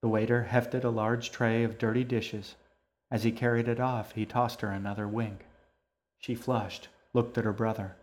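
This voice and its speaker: A man narrating a story for an audiobook in a calm, measured way. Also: lowish voice.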